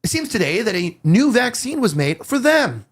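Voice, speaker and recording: A man putting on an overdone male news anchor voice with a drawn-out, sing-song broadcast cadence. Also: high voice, big pitch swings, husky, voice pushed up, heavily acted. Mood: mock-solemn.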